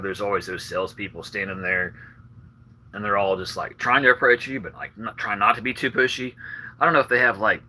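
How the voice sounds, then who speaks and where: A man talking loosely on a live stream, drifting from thought to thought with filler words and restarts. His voice is slightly husky and a little breathless, with a bright, forceful edge. He sits on the low side in pitch. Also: poor audio. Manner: meandering, lots of filler and restarts. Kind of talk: rambling casual live stream.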